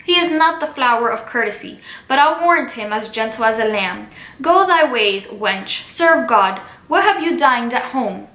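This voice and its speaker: A woman's voice: on the high side, animated, moderate pace, pushed and bright, echoey room. A woman reading aloud as the Nurse, a complaining, dawdling old woman servant, mostly in her own plain voice. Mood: grumbling.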